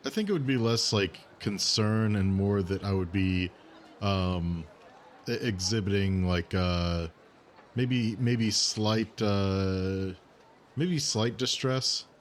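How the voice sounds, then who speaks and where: Low-voiced, hesitant man playing a tabletop game. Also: takes it slowly, slight background noise. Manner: hesitant, full of fillers, thinking aloud. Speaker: player. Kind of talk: casual tabletop role-play.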